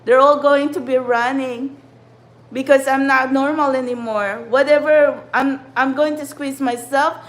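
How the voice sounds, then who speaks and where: A woman speaks in a high voice. She rants to her spiritual followers in an upset, frustrated tone and swears freely throughout. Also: steady tone, a little slow, poor audio. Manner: ranting, frustrated, swears often. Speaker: spiritual channeler and tarot reader. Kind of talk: impassioned livestream monologue.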